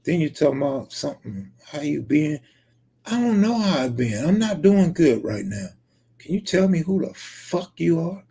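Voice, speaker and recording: Brief: gravel-voiced male streamer, dark husky tone, joking, swears freely. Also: on the high side, very animated, normal speed. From California. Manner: reads viewer comments aloud and banters back, profane and joking. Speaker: live streamer reading chat. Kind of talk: casual live-stream chat.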